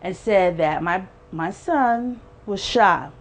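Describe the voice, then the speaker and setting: Taking it slowly, a woman in her forties with a medium-pitched, animated voice shares a heartfelt personal testimony as a guest. She is earnest and emphatic, performing what people said.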